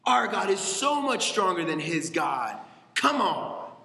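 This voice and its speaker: A man's voice: high-pitched, big pitch swings, takes it slowly, creaky, sharp tone, pitched above the performer's own voice, heavily acted. A man voicing young David, a small, eager boy, in a sermon retelling with echoey hall reverb. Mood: indignant.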